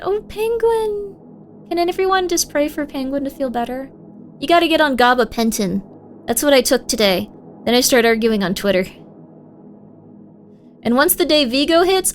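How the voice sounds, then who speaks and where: High-voiced chatty woman streamer. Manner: chatty, bursts into high excited shouts. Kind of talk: casual live-stream chat.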